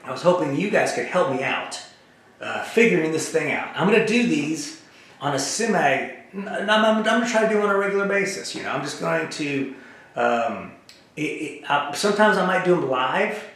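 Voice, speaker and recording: A middle-aged man hosting his own comedy show, rambling in a deadpan way and jumping from topic to topic with halting restarts. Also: fairly high pitch. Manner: halting, many fillers and restarts. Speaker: host. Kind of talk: rambling comedic monologue to camera. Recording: very echoey room.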